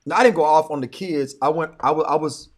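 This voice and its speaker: A middle-aged man co-hosting a podcast, telling stories in casual chat, animated, repeating words and breaking into quick laughs. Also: fairly high pitch. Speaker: podcast co-host.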